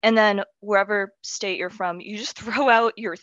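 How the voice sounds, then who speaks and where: A woman's voice: mid-range voice, steady tone, normal speed, a bit bright, dry recording. A woman guest on a podcast, chatting playfully and giggling as she talks. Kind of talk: casual chat. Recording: dry, dull lo-fi sound.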